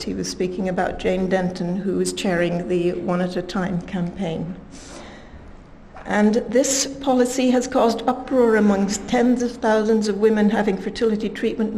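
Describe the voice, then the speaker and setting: A woman delivering a scientific lecture at a conference, her voice pitched in the middle range. She speaks in a measured way and leans into the quotes she reads out. A faint noise sits under the recording. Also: warm tone, poor audio.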